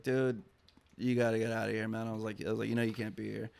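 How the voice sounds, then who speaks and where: Gravelly-voiced man telling a rambling story. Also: lowish voice, level tone, fast, a little mellow, a little hiss or hum. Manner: rambling, profane, heavy on "I'm like" and fillers. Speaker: podcast guest. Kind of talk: casual storytelling.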